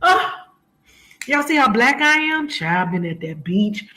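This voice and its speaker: Woman live-stream host, high pitched, slow unhurried talk, chatty and laughing, greets viewers, echoey home room. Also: big pitch swings, heavy background noise. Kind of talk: casual live-stream chat. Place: home room, lights turned down. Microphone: camera mic.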